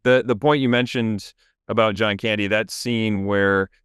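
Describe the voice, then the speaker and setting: A man's voice: on the low side, fairly even intonation, unhurried, a bit bright, clear, resonant tone, no room sound, studio quality. A man co-hosting a podcast, chatting about movies in a laid-back, agreeable way. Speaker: podcast co-host. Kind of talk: casual movie chat.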